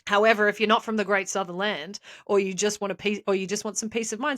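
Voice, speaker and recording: A woman's voice: medium pitch, fairly even intonation, quick pace, few pauses, fairly bright tone, no room sound, studio quality. An Australian woman co-hosting a podcast, telling a comedic tale with playful mock-serious delivery. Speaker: podcast co-host.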